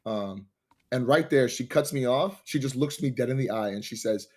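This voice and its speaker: A young man hosting a podcast, telling a dating story in a casual, animated way and swearing freely. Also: mid-range voice, normal speed, slightly rough. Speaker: podcast host.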